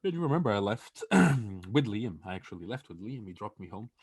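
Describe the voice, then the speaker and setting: A husky young man with a fairly low voice and a lively, swinging delivery. He tells a story on a podcast, swears freely, laughs often and acts out what other people said. The recording is dry and close. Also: a little fast, dry recording. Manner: swearing, animated, laughing often, acting out quotes. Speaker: podcast co-host. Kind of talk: casual comedic storytelling.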